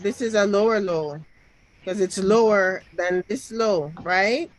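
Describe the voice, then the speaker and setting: Slow, insistent trading teacher. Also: mid-range voice, poor audio. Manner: drilling, repeats questions until answered firmly. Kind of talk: live one-on-one lesson.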